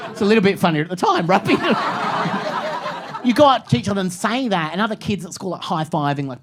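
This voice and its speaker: Lively Australian stand-up man. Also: sits high, a little fast. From Phillip Island, Australia. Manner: chatty, self-mocking, with frequent "right?" tags and crude jokes. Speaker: stand-up comedian. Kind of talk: stand-up comedy set. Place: comedy stage before a live audience. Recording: live stage recording with audience noise.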